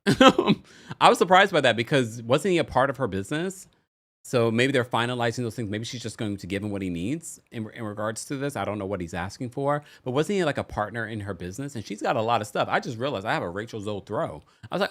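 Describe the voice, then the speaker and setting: A man hosting a casual chat show, recapping reality TV with animated talk, big pitch jumps and frequent laughter. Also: brisk. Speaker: podcast host.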